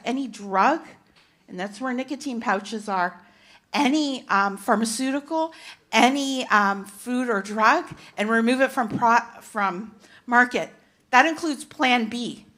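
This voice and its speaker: Woman, middle-aged, panel speaker, passionate, emphatic, many restarts, slightly high voice. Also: a bit bright. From Canada. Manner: impassioned, emphatic, with frequent restarts. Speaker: consumer advocate speaker. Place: conference event hall.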